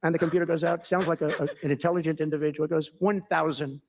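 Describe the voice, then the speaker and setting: A man's voice: fairly high pitch, little pitch movement, racing, darkish tone, a little hiss or hum. A man giving a boastful, rambling anecdotal speech, repeating himself as he digresses. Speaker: speaker telling a story at an event.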